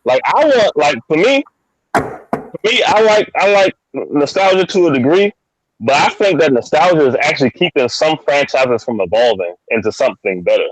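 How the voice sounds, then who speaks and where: A man co-hosting a podcast in casual chat, relaxed and talking in repeated short phrases. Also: on the high side, moderate pace, no room sound, poor audio. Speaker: podcast co-host.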